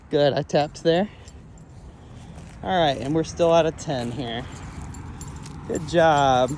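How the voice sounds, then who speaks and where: A man working as a dog trainer, talking casually through a training walk outdoors on a trail and breaking into high sing-song praise for the dog. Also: takes it slowly, pauses often, darkish tone. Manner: laid-back, chatty, laughs often. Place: outdoors on a wooded trail near a creek.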